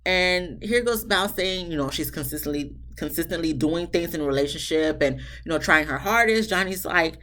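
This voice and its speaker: A woman with a low-pitched voice talks through a reality TV episode as a casual recap. She is chatty and candid, often breaking off to vent directly at the people on the show. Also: normal speed, hardly any pauses, fairly bright tone, slight background noise. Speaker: TV show reviewer.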